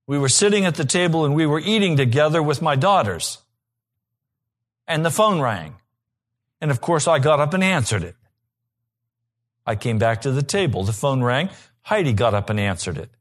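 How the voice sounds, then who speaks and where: A man delivers a sermon as pastor, his voice sitting a little high. He preaches earnestly and slows down to repeat key phrases for weight. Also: animated. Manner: earnest preaching with slow emphatic repetitions.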